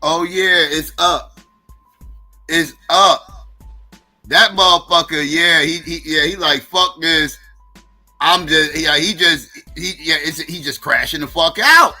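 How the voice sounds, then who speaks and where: A man commenting on a livestream in a profane, incredulous rant that swings from loud outbursts to mutters. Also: on the high side, measured pace, soft background music.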